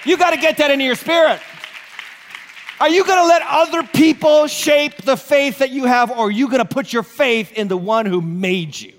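A man preaching as lead pastor, animated and joking, often asking the congregation questions. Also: extremely high pitch, moderate pace, long reverb tail, a faint crowd. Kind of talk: sermon.

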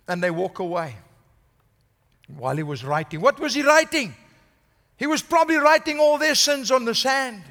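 A senior pastor preaching a sermon, building to strong emphasis and asking the congregation "Amen?". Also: male voice, very high-pitched, animated, normal speed, long pauses, sharp tone, long reverb tail. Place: church.

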